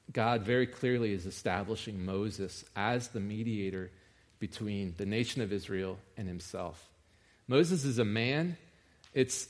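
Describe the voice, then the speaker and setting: Give me a man preaching a sermon in a relaxed, conversational way, with a somewhat low voice. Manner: conversational, rising with emphasis.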